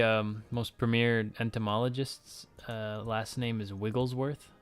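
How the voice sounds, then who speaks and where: A young man from Ontario, Canada, streams and chats casually with viewers, rambling, interrupting himself, and joking with chat as he answers questions. His fairly low, smooth voice has a flat delivery and measured pace, with faint music in the background.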